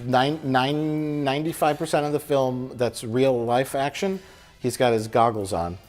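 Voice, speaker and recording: A man's voice: mid-range voice, steady tone, a little slow. A man chatting casually about movies as a reviewer, rambling and joking, often breaking into laughter. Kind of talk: casual chat.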